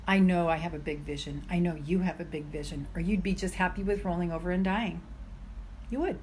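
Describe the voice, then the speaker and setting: A woman's voice: fairly low pitch, steady tone, a little fast, a little mellow, a little hiss or hum. Woman, self-love coach, live stream pep talk, emphatic, chatty, filler-heavy.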